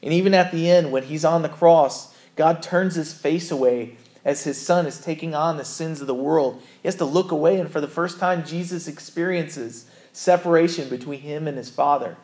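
A man's voice: a little high, normal speed, a little mellow. A man preaching a sermon as a pastor, earnest and conversational, often correcting himself mid-sentence.

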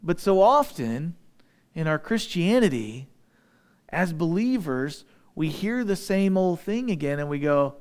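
Man, pastor, preaching a sermon, fairly high voice, animated, voices people in his retelling, drops low for emphasis. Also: unhurried, clean tone.

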